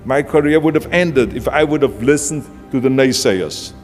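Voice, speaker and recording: A man with an Austrian accent delivers a blunt, punchy motivational speech in a medium-pitched voice at a moderate pace. The recording carries a long hall reverb with background music beneath.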